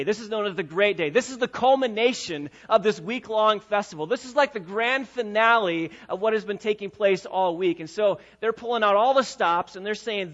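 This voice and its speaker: A man preaching a sermon as pastor, swelling from quiet teaching to loud, passionate proclamation. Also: high-pitched, normal speed, muffled recording. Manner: preaching with rising and falling intensity, sometimes loud.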